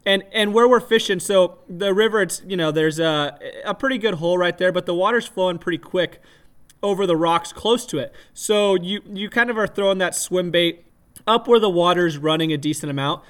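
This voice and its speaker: Excitable man telling a story. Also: sits high, normal speed, clear, resonant tone. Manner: animated, laughing, acts out shouted quotes. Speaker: podcast host. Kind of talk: casual storytelling podcast.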